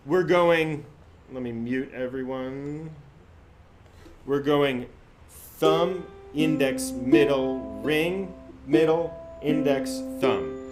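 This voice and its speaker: A man's voice: a little high, drawn-out words, soft background music. A man teaching an online ukulele class, counting out finger-picking patterns as he plays. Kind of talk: online group music lesson. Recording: ukulele playing under the voice.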